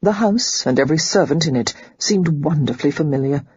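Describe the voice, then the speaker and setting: An audiobook narrator giving steady, measured scripted narration of a novel. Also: mid-range voice, husky, dry recording, muffled recording.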